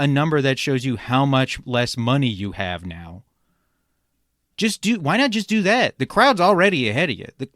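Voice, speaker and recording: A man hosting a reaction commentary show, ranting sarcastically and swearing, jumping from loud outbursts to low mutters. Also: dry recording, clean studio sound. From immigrant. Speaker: commentary podcast host.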